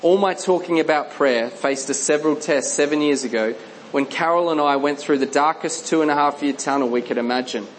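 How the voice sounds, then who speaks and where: A man's voice: fairly high pitch, a little fast, a little hiss or hum, poor audio. Earnest man narrating a Christian memoir. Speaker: narrator reading a book.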